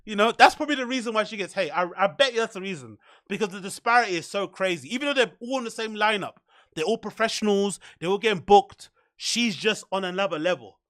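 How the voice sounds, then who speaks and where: High-voiced man ranting, dry sound. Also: fast, no echo. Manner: profane, mocking, animated. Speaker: podcast host. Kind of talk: rambling casual commentary.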